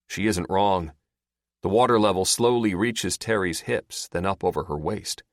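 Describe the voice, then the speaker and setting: A man with a low-sitting voice narrates a scripted audiobook in an expressive storytelling style at a moderate pace. The audio is clean studio sound with no room sound.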